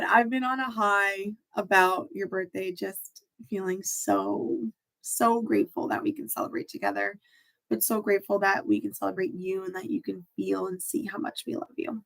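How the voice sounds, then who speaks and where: A woman's voice: mid-range voice, fairly even intonation, moderate pace, vocal fry, a bit bright, low-quality recording. Emotional woman hosting a live chat. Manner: heartfelt, emotional, reads viewer comments aloud. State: close to tears. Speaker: host of a live Q&A stream. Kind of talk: warm live-stream chat reading comments.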